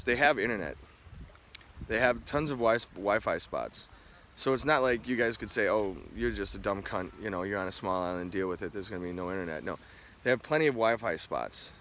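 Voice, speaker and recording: A young man with a fairly low voice vents to his camera outdoors, frustrated and swearing freely. He talks through the story in a ranting, storytelling way. Faint outdoor ambience sits behind him. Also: fairly bright tone, slight background noise. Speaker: travel vlogger. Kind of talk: venting vlog to camera. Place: outdoors by an island resort restaurant.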